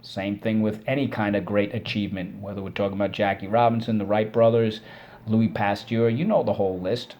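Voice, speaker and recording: A man's voice: lowish voice, flat delivery, brisk, darkish tone, muffled recording. A male teacher giving an online spelling lesson to children, breaking words into syllables and praising his pupils as he goes.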